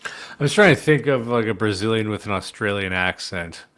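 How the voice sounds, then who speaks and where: Low, bright-voiced man chatting loosely. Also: brisk. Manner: rambling, laughs often, swears. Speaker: podcast co-host. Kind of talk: casual chat.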